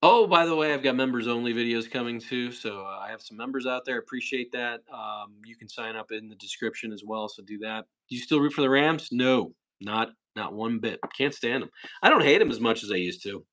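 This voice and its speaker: A young man hosting a casual livestream, rambling through chat questions and sometimes breaking into shrill impressions. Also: fairly quick, a bit bright. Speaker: livestream host.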